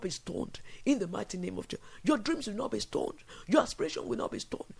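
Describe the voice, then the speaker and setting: A man preaching at a night prayer vigil, building to loud repeated declarations. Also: high voice, expressive, fast talker, creaky, few pauses, slightly rough. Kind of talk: fervent sermon and prayer.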